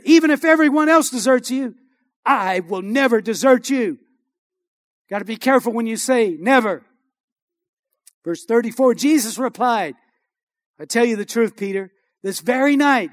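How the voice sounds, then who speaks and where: A man's voice: high-pitched, no room sound, clean studio sound. A man preaching a sermon as a pastor, building to rousing, exhorting emphasis.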